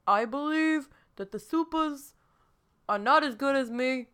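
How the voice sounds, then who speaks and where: A woman's voice: sits high, measured pace, a bit bright, pitched above the performer's own voice. A woman doing an impression of a boastful male politician, pompous and rambling.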